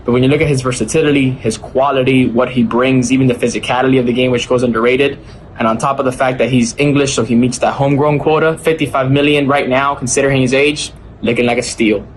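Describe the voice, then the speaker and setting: A man with an American accent, giving his opinions in a measured, even-handed way in a recorded fan message. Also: medium pitch, slight background noise. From United States. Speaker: fan sending a video message.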